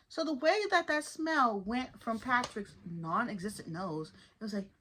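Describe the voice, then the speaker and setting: A woman chatting casually to her viewers as she reviews a cartoon episode, lively and informal. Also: a little high, normal speed, hardly any pauses. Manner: chatty, animated, addresses viewers as y'all. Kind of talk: casual commentary.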